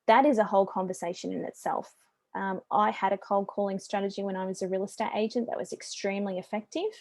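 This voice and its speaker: Brief: Australian woman, middle-aged business coach, warm mellow voice, chatty and upbeat, dry close sound. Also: mid-range voice, dry recording. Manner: chatty and upbeat, with friendly asides. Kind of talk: business presentation.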